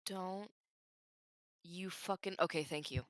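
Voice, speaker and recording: A woman's voice: lowish voice, steady tone, slow pace, clear, resonant tone. A woman with a sinus cold, chatting and teasing friends, often laughing and exasperated. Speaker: tabletop game player. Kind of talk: casual pre-game chat.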